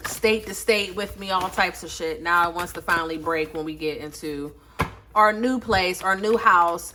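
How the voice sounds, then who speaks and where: A woman's voice: on the low side, noisy background. Chatty, profane woman tarot reader. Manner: chatty, blunt and profane, with loose slangy talk. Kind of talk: casual tarot reading chat. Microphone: phone, face off camera.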